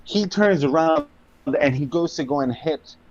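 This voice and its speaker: A man's voice: on the high side, expressive, no room sound, muffled recording. A man narrating a tabletop game as dungeon master, drawing out his dramatic descriptions. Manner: slow, drawn-out dramatic narration with swearing.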